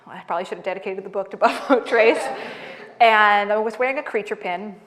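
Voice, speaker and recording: Lively woman author at a library talk; an animated storyteller who laughs a lot. Mid-pitch voice. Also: a little fast, a crowd in the background. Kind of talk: talk and audience Q&A.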